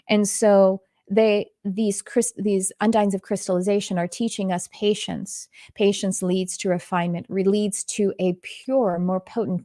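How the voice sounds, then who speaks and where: A woman with a faint Texan accent talks through a spiritual teaching in a loose, rambling way, often stopping to restart her sentences. Her voice sits at a middle pitch. The recording is dry and close, with little room sound. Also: a little mellow, no echo. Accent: Texan, mostly faded. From Texas. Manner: rambling, many restarts and fillers. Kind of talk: casual channeled teaching.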